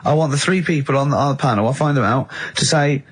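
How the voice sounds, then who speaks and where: Brief: a middle-aged male radio host, teasing and animated, with a mid-range voice. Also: medium pitch, breathy edge. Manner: animated, teasing, quick bursts of laughter. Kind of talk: comic radio banter.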